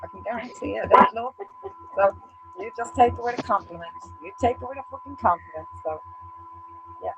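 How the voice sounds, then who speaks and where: A woman's voice: a little high, a little fast, pauses often, over music, poor audio. A woman co-hosting a casual chat show, blunt and sweary, acting out what others say about her. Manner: blunt, sweary, animated, acts out other people's remarks. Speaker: co-host.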